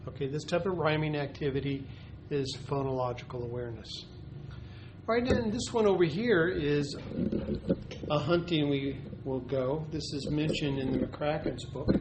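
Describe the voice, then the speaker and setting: A man's voice: on the high side, normal speed. A man giving an instructional demonstration of a classroom teaching method, explaining step by step with frequent ums and uhs. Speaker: teacher educator. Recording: noisy recording.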